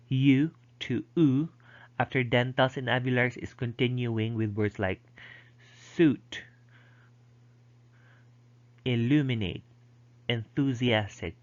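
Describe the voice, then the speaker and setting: A man lecturing and explaining step by step, with frequent ums and restarts. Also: lowish voice. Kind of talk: recorded lecture. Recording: dull lo-fi recording.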